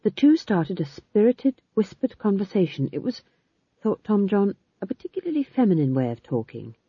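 A woman narrating an audiobook in an expressive, wry reading style. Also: mid-range voice, normal speed, husky, no room sound. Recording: slightly dull lo-fi recording.

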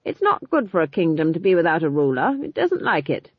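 A stern old witch speaks with firm, brisk certainty, as a woman narrator puts her on. The voice sits low and husky, with lively swings in pitch. The recording is dry and a little dull. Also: no echo. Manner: firm, brisk, matter-of-fact. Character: stern older female witch, firm and commanding.

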